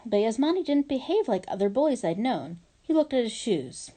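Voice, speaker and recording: A woman reading a children's novel aloud, with lively, expressive storytelling. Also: a little high, normal speed. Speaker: reader.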